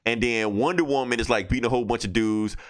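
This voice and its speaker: A man's voice: mid-range voice, fast. A man hosting a podcast, recapping comic books in a loose, profane, casual way. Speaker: podcast host.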